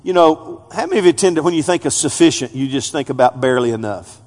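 A man, a pastor, preaching a sermon to his congregation, swinging from loud emphatic peaks down to quiet asides. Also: a little high, animated, fast, big-room sound. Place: church sanctuary.

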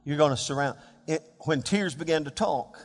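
A man preaching a sermon as pastor, dropping to hushed murmurs and rising to loud, fervent shouts of scripture. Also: fairly high pitch, moderate pace. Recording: long reverb of a large hall.

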